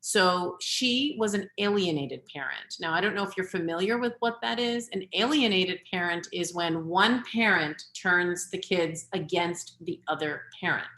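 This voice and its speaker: A middle-aged woman coach talks parents through advice in an earnest, advising way. Her voice sits fairly low. The webinar mic picks up an echoey room around her. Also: sharp tone. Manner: earnest, advising, shifting between quick and slow deliberate delivery. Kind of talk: webinar talk.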